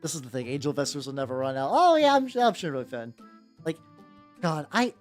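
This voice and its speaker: A woman hosting a casual live stream while painting miniatures, rambling and swearing freely, with soft music behind her. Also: animated. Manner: rambling, swears casually, quick pitch jumps when quoting people. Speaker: vtuber host painting miniatures. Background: soft background music.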